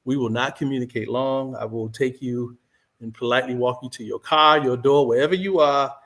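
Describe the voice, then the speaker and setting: A man's voice: medium pitch, steady tone, brisk, fairly bright tone. A man speaking emphatically and firmly as a guest on a casual panel podcast, laughing easily.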